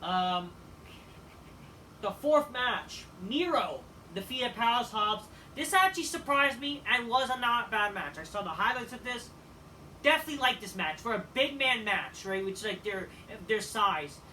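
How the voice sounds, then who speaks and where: A man giving a casual, rambling review of a wrestling show, swearing often and filling pauses with "like" and "you know.". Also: very high-pitched, expressive, sharp tone. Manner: profane, rambling, with frequent fillers. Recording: distant mic with faint background noise.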